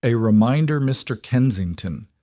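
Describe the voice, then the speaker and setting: A man reading the lines of a smooth, condescending British lawyer. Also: medium pitch, animated, normal speed, mellow, no room sound, studio quality, lightly acted.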